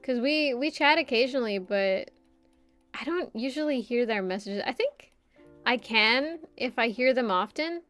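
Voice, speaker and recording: A woman's voice: on the high side, animated, moderate pace, a bit bright, soft background music. A woman streamer chatting casually with her viewers, rambling and stumbling over repeated words, often laughing. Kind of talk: casual chat reading viewer comments.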